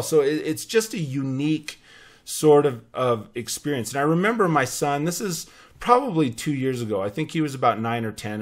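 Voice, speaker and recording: A man in his forties hosting a podcast, giving an energetic motivational talk with anecdotes and frequent restarts. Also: fairly high pitch. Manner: energetic, repeats words and restarts, tells anecdotes. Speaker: podcast host.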